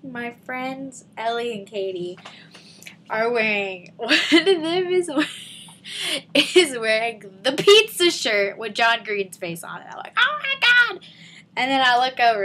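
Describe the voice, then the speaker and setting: A seventeen-year-old girl rambling and giggling in an excited fan vlog from her living room. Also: medium pitch, slight background noise. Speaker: vlogger.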